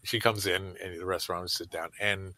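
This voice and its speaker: A man's voice: deep voice, steady tone, brisk, pushed and bright. An older man telling casual stories in an interview, rambling with many fillers and asides, and talking over a call. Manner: rambling anecdotes full of fillers and laughs. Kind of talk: casual storytelling.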